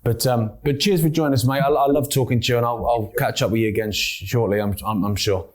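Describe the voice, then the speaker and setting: Male interview host, mid-pitched, easygoing, halting, says "mate" often. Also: fairly even intonation. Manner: casual, halting, many restarts, says "mate". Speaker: show host. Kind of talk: casual interview chat.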